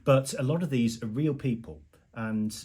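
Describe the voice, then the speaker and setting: A man in his forties in casual podcast chat, talking in a measured way with many ums. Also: medium pitch, darkish tone, breathy edge. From England. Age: 40s. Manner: measured, with frequent ums and fillers.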